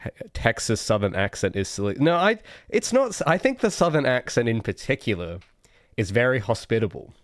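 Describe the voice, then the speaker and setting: A man's voice: medium pitch, big pitch swings, fairly quick, no echo, studio quality. A man chatting casually as an indie game developer on his livestream, rambling and joking at his own expense. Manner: joking, rambling, self-deprecating.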